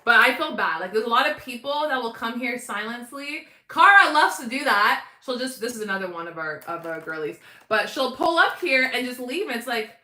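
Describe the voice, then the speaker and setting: A woman's voice: fairly high pitch, a little fast, hardly any pauses, roomy sound. Bubbly young woman chatting with viewers. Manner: chatty, animated, talks to viewers in chat. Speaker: livestream host. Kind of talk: casual livestream chat.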